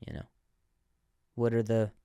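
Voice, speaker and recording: A man's voice: lowish voice, monotone, measured pace, warm tone, smooth, no echo, clean studio sound. A man doing a chatty old man. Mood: eager. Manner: hesitant, eager small talk. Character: friendly chatty old man, about sixty.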